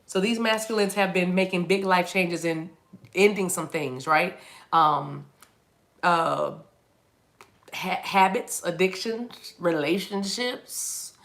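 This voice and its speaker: A woman's voice: lowish voice, takes it slowly, a bit bright. A woman giving a casual, rambling tarot reading to camera, chatty and playful, often restarting her sentences. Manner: chatty and playful, jumps into silly voices and laughs. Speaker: tarot reader.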